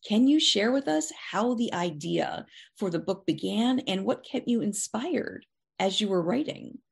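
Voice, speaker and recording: A woman's voice: mid-range voice, animated, unhurried, gravelly. A woman interviewing an author, asking admiring, thoughtful questions.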